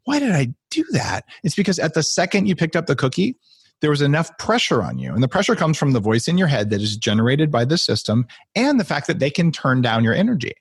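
As a podcast guest, a man explains things playfully by acting out the voices in people's heads, giving an animated interview. His voice is on the high side, sing-song, fast, and breathy, captured dry in studio quality.

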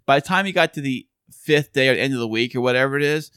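A man's voice: medium pitch, fast talker, fairly bright tone, clear, resonant tone, no echo, studio quality. A man co-hosting a podcast in casual chat, giggly and easily amused. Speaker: podcast co-host.

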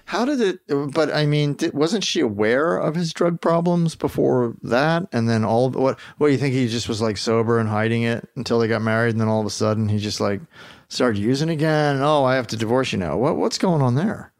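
A man, a guest actor, chatting casually in an interview and telling stories with quick asides over a video call. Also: mid-range voice, dry recording, clean studio sound. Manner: animated storyteller, quick asides.

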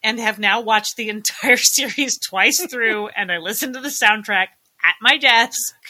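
Woman cohost gushing about tv, bright voice, laughs a lot. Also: a little high, a little slow. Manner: chatty, enthusiastic, laughs often. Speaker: podcast co-host. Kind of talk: casual chat.

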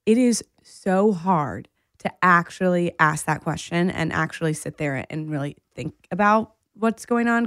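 A woman co-hosting a podcast, telling a story in casual chat, animated and laughing often. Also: fairly low pitch, dry recording, clean studio sound. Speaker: podcast co-host.

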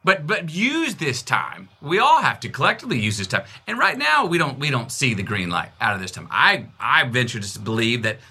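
A man's voice: sing-song, a little fast, gravelly, few pauses, bright, forceful tone, husky. A man in his fifties with a Texan accent, talking as an interview guest in an emphatic, repeating way. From Texas. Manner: emphatic, repeats phrases, swings pitch widely. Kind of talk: conversational interview.

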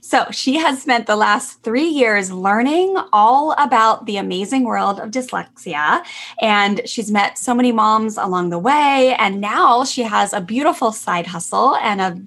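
Effusive woman podcast host, slightly gravelly. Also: a little high, animated, unhurried. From California. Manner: warm, effusive and encouraging. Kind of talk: casual podcast chat.

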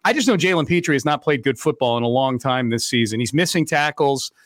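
A man's voice: mid-range voice, animated, a little fast, dry recording. A man hosting a sports talk show, talking casually with lots of fillers and restarts. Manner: conversational, many fillers and restarts. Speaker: sports radio host.

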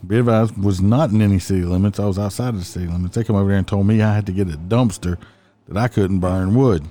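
Low, dark-voiced blunt man. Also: fast talker. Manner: blunt, defiant storyteller. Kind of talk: casual podcast chat.

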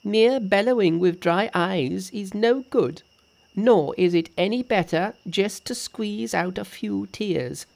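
A woman voicing a boastful, clever male monkey sage in an audiobook reading, with a brisk, bossy, teasing manner. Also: mid-range voice, vocal fry, darkish tone.

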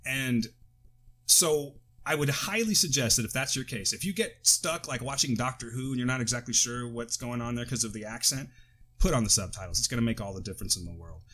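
Speaking close to the microphone, this American man co-hosts a podcast in a casual, tangent-prone way, often interrupting himself. His medium-pitched voice is husky, pushed, and bright, and he talks a little fast.

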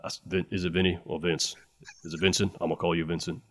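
A man doing a deep, low-voiced basketball giant. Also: flat delivery. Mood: teasing. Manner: low, quiet, drawn-out impression. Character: booming older male basketball star, teasing.

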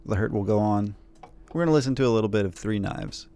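A man's voice: on the low side, fast, very noisy. A man co-hosting a podcast in casual chat, making dry, wry quips. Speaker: podcast co-host.

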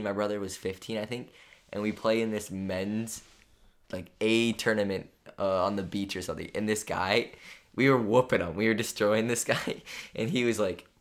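A man's voice: lowish voice, fairly even intonation, moderate pace. A young man co-hosting a casual chat, easygoing and filler-heavy, answering listener questions.

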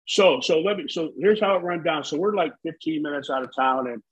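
A man's voice: fairly high pitch, brisk, husky. A man in his fifties telling long, profane stories in casual chat as a podcast co-host. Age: 50s. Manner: profane, rambling storyteller. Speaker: podcast co-host, former pro wrestler. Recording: dull lo-fi audio.

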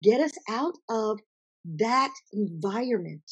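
Emphatic high-voiced woman author. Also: slow pace, breathy edge. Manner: emphatic, animated storyteller. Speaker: guest author. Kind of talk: conversational interview.

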